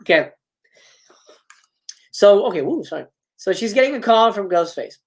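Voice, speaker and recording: Animated man reading a script live. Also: sits high, a little fast. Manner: animated, chatty asides. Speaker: host.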